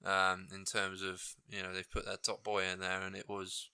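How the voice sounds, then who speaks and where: A man co-hosting a casual podcast, talking things through in a measured way. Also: sits low, completely flat delivery, sharp tone, smooth, no echo, studio quality. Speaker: podcast co-host.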